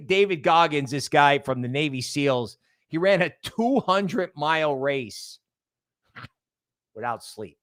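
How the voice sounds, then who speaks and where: A man's voice: fairly high pitch, expressive, takes it slowly, pauses often, fairly bright tone, dry recording, studio quality. A man hosting a casual livestream, rambling and greeting chat members by name. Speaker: livestream host.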